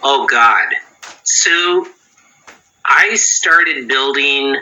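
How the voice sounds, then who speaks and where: A man's voice: mid-range voice, expressive, drawn-out words, pushed and bright, lo-fi sound. A man around forty, a guitar pedal builder, giving rambling interview answers with many restarts.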